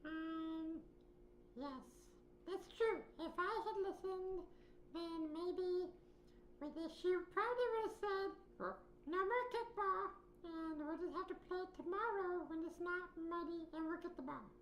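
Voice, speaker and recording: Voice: very high-pitched, measured pace, slight background noise. A performer voicing an earnest, chatty young boy puppet who rambles through stories with ums and sound effects. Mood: sheepish. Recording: roomy echo.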